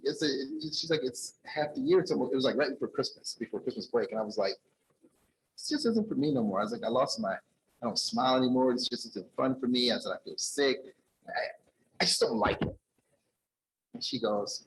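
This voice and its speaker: A man's voice: medium pitch, a bit bright, a little hiss or hum, low-quality recording. A man at a conference telling an audience a personal story, acting out the dialogue in a raised voice. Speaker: conference speaker. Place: conference ballroom.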